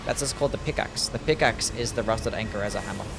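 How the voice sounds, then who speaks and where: A man's voice: on the low side, fast talker, gravelly, noisy background. A young Australian man giving casual gameplay commentary as a streamer, mumbling, sighing and swearing often. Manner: mumbly, swears often, sighs, reads chat aloud.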